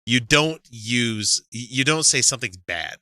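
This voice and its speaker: A man co-hosting a podcast, with a very bright, sharp voice that chats loosely, swears freely and breaks into laughter. The sound is dry, close and uncoloured by the room. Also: mid-range voice, expressive, measured pace, no echo. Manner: laughs often, profane, rambling. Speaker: podcast co-host. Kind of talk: casual chat.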